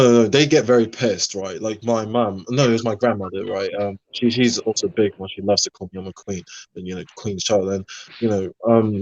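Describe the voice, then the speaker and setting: A man in a casual online discussion, telling personal stories in an animated way and laughing often. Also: on the low side, low-quality recording. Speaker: panelist.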